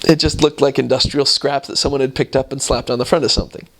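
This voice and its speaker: A man casually telling a story, animated and laughing often as he goes. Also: mid-range voice, fast, low-quality recording.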